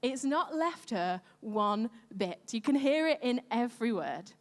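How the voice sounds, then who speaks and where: A woman preaching a sermon in a lively, conversational way. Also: a little high, measured pace. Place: church hall. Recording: echoey church hall.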